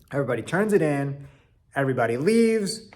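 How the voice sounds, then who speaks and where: A man telling a personal story in an animated way, swinging from loud to quiet. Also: on the high side.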